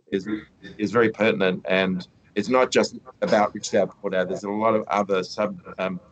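A man hosting a podcast interview, talking in a rambling, halting way with many restarts. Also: low-pitched, lo-fi sound. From Australia. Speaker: podcast host. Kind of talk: casual interview chat.

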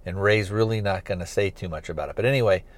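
Low-voiced man rambling through a recap. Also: fast talker. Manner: rambling, heavy on fillers like kinda and you know. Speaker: podcast host reviewing a TV series. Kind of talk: casual episode recap.

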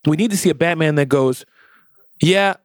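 Animated man talking comics, dry sound. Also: quick pace, no room sound. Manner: animated, acts out quoted lines in a lowered voice. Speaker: podcast co-host. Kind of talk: casual comic book discussion.

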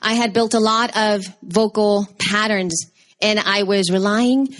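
A woman in her thirties giving a lively, conversational workshop talk and taking questions from the audience. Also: mid-range voice, unhurried. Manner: bubbly, expressive, conversational. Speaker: workshop presenter.

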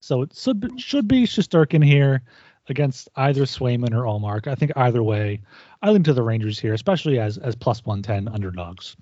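A man co-hosting a betting podcast, laying out recent results in a measured way. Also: medium pitch, very animated, warm tone, no room sound. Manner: measured, fact-listing. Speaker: podcast co-host. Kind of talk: casual sports analysis. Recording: dry, dull lo-fi sound.

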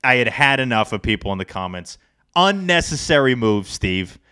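A man co-hosting a sports podcast, talking in a casual, animated, rambling way. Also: mid-range voice, normal speed, clean tone. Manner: animated, rambling, self-deprecating. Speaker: podcast co-host.

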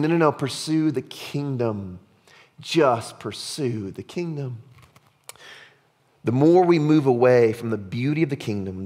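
A man preaches a sermon in an easy, conversational way, often checking in with his listeners and dropping his voice low and soft to stress a point. His voice sits a little higher than most men's, and it carries a long reverb from the church hall. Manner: conversational preaching with frequent "right?" asides, drops low and soft for emphasis. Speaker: pastor.

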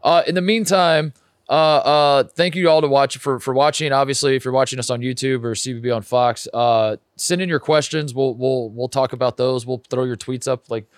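A man's voice: medium pitch, fairly even intonation, normal speed, clean tone, no room sound, studio quality. A man co-hosting a casual sports talk show, loose and joking, often restarting his sentences. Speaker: co-host.

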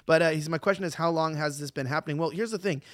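A man co-hosting a podcast, in casual chat full of quick restarts. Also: on the high side, dry recording, clean studio sound. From Australia. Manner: fast, loose talk with many restarts. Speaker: co-host.

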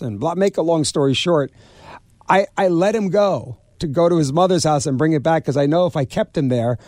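A man, an author and restaurateur telling stories in an interview, animated and stumbling over repeated words. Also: on the high side, fairly quick, no echo, studio quality. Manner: animated storyteller, acts out quoted people, repeats words. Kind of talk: storytelling interview.

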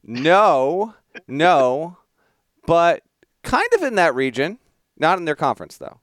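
A man co-hosts a casual sports podcast, teasing his partner with quick trivia questions. His voice is smooth and clear, with a lively, wide-ranging pitch. The sound is close and dry. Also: no echo. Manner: playful, quizzing his co-host with trivia. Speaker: podcast co-host.

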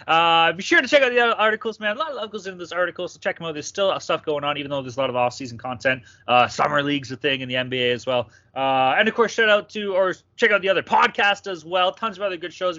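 A young man rattles along fast in a bright, slightly high voice, swearing freely as he banters on a sports podcast. The recording is dry and a little dull and lo-fi, like a home mic. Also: no echo. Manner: profane, rowdy banter. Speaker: podcast co-host. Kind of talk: casual podcast chat.

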